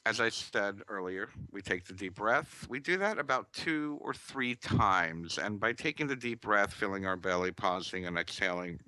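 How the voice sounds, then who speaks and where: A man teaching meditation in a calm, deliberate talk, pausing often and sometimes correcting himself. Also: fairly low pitch, no room sound.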